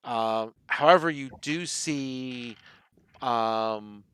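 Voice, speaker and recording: A man's voice: medium pitch, drawn-out words, a bit bright, clean tone, dry recording. A man narrating as game master of a tabletop game, rambling with many fillers. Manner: rambling, many fillers like "you know" and "right".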